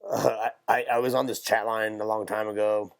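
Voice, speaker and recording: Casually chatting and storytelling as a podcast co-host, a young man swears freely, rambles, cracks jokes, and talks in quick bursts. His fairly low, level voice has a creaky edge, captured cleanly at studio quality without echo.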